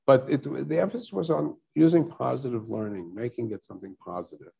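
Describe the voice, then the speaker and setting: A rabbi giving a teaching talk to a congregation, lecturing in an explaining tone and often checking in with "right?". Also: male voice, mid-range voice, sing-song, a little fast, gravelly, mellow, muffled recording. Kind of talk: teaching talk at a synagogue service.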